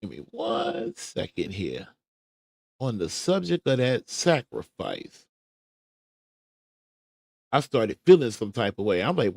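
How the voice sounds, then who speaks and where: A man's voice: mid-range voice, huge pitch swings, measured pace, creaky, no echo, clean studio sound. Chatty man hosting a show. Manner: talks himself through searching for a clip, chatty and stalling. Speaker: show host. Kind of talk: casual livestream commentary.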